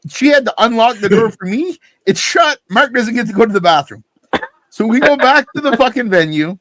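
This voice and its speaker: A man with a Canadian Maritimes accent, co-hosting a podcast and telling a story in casual chat, animated and full of swearing. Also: very high voice, brisk, no room sound. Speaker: podcast co-host.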